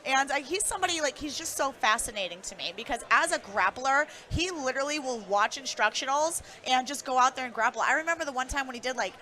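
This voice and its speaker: A woman's voice: high-pitched, lively intonation, fast talker, hardly any pauses, bright, forceful tone. A woman co-hosting a live fight preview show, talking in a casual, upbeat way and laughing often. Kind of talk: live sports talk.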